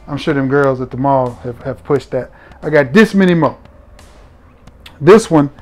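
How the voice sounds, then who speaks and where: A man's voice: medium pitch, darkish tone. Chatty man reviewing fragrances. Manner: chatty, playful, addresses viewers directly. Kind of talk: casual review vlog.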